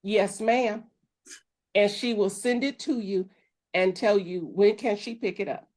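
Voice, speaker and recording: A woman minister co-hosting a casual chat, talking loosely with restarts and quick laughs. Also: medium pitch, steady tone, a little mellow. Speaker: minister and podcast co-host.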